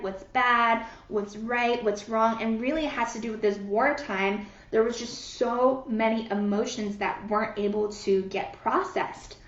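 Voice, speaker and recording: Woman, fairly high voice, soothing guided healing talk, greets viewers, roomy lo-fi recording. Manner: soothing, greets viewers by name, many fillers. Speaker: energy healer leading a live group session. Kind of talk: live-streamed guided healing session. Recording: roomy, dull lo-fi sound.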